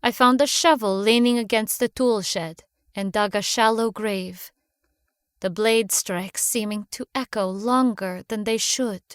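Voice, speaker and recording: Slow, measured woman narrating horror. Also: mid-range voice, clean tone, no room sound, studio quality.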